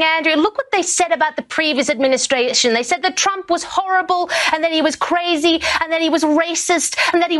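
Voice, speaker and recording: A woman's voice: very high voice, fairly bright tone. A woman commenting on TV news, mocking, with long run-on sentences.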